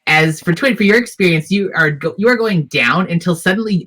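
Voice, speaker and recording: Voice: medium pitch, animated, brisk, sharp tone. A game master narrating a tabletop role-playing scene in detail, with frequent fillers and restarts. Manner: descriptive, hesitant with fillers.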